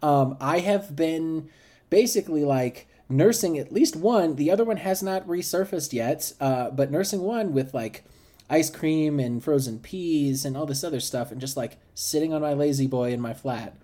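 A man's voice: on the high side, normal speed, dark tone. Sarcastic, storytelling male podcast co-host. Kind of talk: casual podcast banter.

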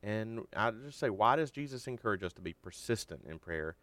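Casting: low-voiced man, earnest Bible teacher, dry close sound. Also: lively intonation, a bit bright, no room sound. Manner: earnest, measured, stresses key words.

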